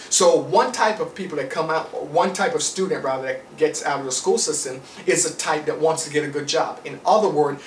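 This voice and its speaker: A Jamaican man delivers a forceful motivational lecture in a fairly high voice. He hammers his points with rhetorical flourishes. The sound is roomy and set back from the mic, with faint noise underneath. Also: moderate pace, few pauses, far from the mic. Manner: emphatic, preachy, rhetorical. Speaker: motivational speaker.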